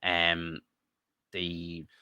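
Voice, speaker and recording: A man co-hosting a podcast, chatting casually and excitedly, swearing and rambling like a fan. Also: deep voice, drawn-out words, smooth, no room sound, highs cut off. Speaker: podcast co-host. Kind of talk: casual chat.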